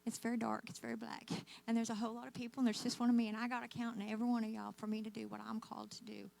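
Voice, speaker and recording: A woman's voice: a little high, level tone, very fast, vocal fry, a little mellow, low-quality recording. A woman giving an earnest testimony to a church as a guest speaker, telling stories and calling the crowd y'all.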